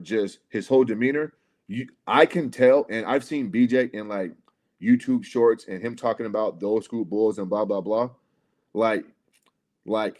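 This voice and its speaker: On a casual livestream, a man wanders through a lengthy story full of profanity, constantly saying "bro" and "right?" to the listener as the podcast co-host. He has a lowish, slightly mellow voice.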